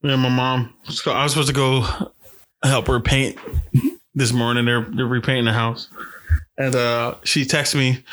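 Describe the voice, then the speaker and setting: A young man hosting a podcast, telling stories in animated, profane casual chat with frequent restarts. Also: mid-range voice, moderate pace. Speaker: podcast host.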